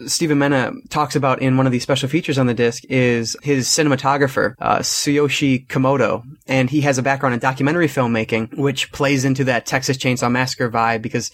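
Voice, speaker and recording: A man hosts a casual podcast about films. He talks things through in a measured, thoughtful way. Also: medium pitch, fairly even intonation, no echo. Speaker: podcast host. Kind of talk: casual film review chat.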